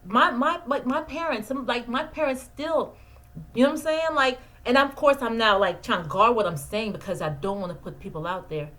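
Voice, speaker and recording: Speaking earnestly into the camera, this woman from Jamaica, a therapist in her 40s, offers advice and repeats important phrases to drive them home. Her voice is a little high and fairly bright, at a normal speed, captured on the camera mic with poor audio.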